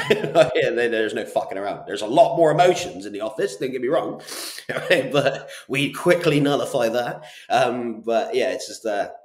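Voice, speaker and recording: Lively Bristol man, roomy sound. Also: medium pitch. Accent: Bristol English. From Bristol, England. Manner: brisk, animated storytelling with casual swearing. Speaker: guest, property business owner. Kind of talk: casual interview chat. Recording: roomy echo.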